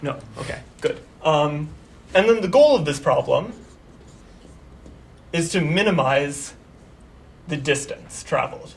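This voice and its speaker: A young man teaching a university class, talking casually and filling pauses with "like" and "um", his voice a bit worn as he starts losing it. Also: a little high, animated, gravelly, slight background noise. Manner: casual, explains step by step with many fillers. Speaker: course instructor. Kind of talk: university lecture.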